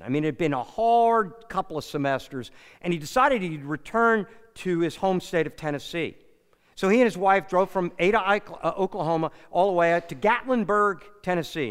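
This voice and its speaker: Pastor, high-pitched, smooth voice, animated storytelling sermon, reverberant sanctuary. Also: male voice. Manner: animated, rises and drops in volume, acts out characters in the story. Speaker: preacher. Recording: long reverb of a large hall.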